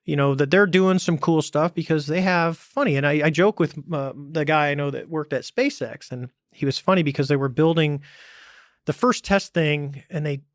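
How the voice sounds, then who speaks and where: Animated storytelling man, dry close mic. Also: fairly high pitch, dry recording. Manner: animated storytelling, acts out quoted dialogue; blunt, swears casually. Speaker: podcast guest, former navy pilot. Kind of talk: casual conversation.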